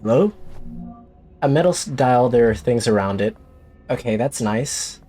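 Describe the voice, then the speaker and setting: A man's voice: medium pitch, animated, measured pace, mellow, soft background music. A man streaming a horror game, talking to himself in jumpy, joking commentary. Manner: jumpy, talks to himself, jokey. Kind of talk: let's play commentary.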